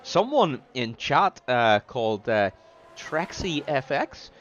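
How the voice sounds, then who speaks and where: A man's voice: medium pitch, sing-song, fairly bright tone, highs cut off, soft background music. A man commentating an online sim race on a stream, with lots of fillers and false starts. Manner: halting, full of fillers. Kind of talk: casual sim racing commentary.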